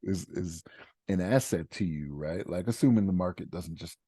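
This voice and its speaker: A male podcast co-host in lively casual chat, often checking in with his listener. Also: deep voice, moderate pace, breathy edge, dry recording. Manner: lively, emphatic, keeps checking in with "you know what I mean".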